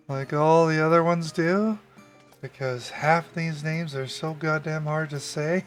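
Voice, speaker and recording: A man giving casual commentary while playing a game, laughing often and joking about his own misreadings. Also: fairly high pitch. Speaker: let's play streamer.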